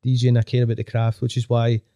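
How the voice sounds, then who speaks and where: Male DJ guest, young, mellow, dry close sound, rambles fast and swears freely. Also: mid-range voice, monotone, no room sound. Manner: fast rambling talk, swearing, full of fillers. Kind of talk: casual chat.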